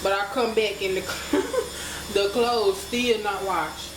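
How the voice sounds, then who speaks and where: A woman's voice: medium pitch, fairly even intonation, unhurried. Chatty woman in an echoey kitchen. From United States. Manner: chatty, addresses viewers as y'all. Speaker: cooking vlogger. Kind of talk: casual cooking demonstration. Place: home kitchen. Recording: echoey kitchen with cooking noise.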